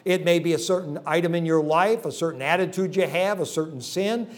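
A man's voice: fairly high pitch, a little fast. A man preaching a revival sermon to a congregation in a church, telling folksy jokes and leading the audience through a hands-on exercise. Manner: folksy, joking storyteller. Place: church service.

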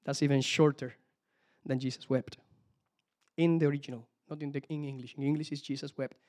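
A man preaching a sermon, telling the story with lively asides that swing from hushed to loud and emphatic. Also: medium pitch, fairly quick. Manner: lively, talks to the congregation directly with frequent asides.

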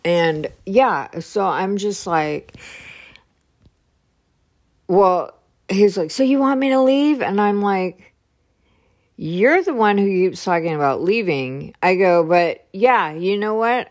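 A woman telling a story in a casual podcast monologue, acting out both sides of a conversation and laughing now and then. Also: lowish voice. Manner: chatty, retells dialogue with lots of "I go" and "he's like", laughs often. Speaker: podcast host. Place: at home.

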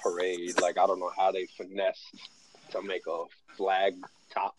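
A man's voice: deep voice, monotone, measured pace, slight background noise. A man chatting casually as a podcast co-host, laid-back and wry, often trailing off with ums. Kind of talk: casual chat. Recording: dull lo-fi sound.

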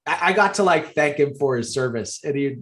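A man's voice: fairly high pitch, animated, a little fast, a bit bright. A man co-hosting a casual movie podcast, telling anecdotes in a laid-back way with casual swearing. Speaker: podcast co-host, filmmaker. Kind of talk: casual movie chat, storytelling.

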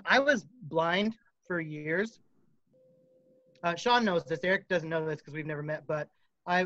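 A man's voice: sits high, a bit bright, dry recording, highs cut off. A man from the United States, a musician guest, rambling through stories in a casual interview and laughing often.

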